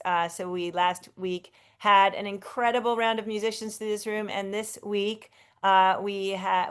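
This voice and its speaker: A woman hosts a live online sing-along from a video call. She is effusive and chatty, often stopping and restarting her sentences. Her voice is smooth and resonant, sitting at a middle pitch. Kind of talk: casual live-stream hosting.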